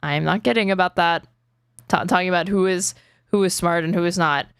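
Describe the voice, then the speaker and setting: A woman's voice: lowish voice, fairly even intonation, brisk, clear, resonant tone, no echo, studio quality. A woman hosting a reaction stream, ranting in an exasperated, profane way as she comments. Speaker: streamer host.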